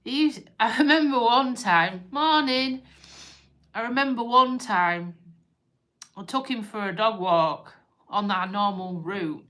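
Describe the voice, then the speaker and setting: A woman's voice: fairly high pitch, takes it slowly, pushed and bright. A woman hosting a live stream, talking casually and emotionally, tearful and rambling as she interrupts herself. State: crying on and off.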